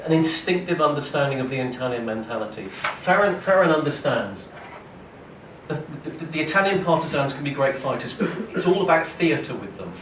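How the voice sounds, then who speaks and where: A man, an author giving a lively storytelling lecture, acting out quoted speech and often checking in with "okay?" and "right?". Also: on the high side, normal speed. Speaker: author giving a public talk. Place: lecture hall at a museum. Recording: roomy hall, voice from a distance, faint noise.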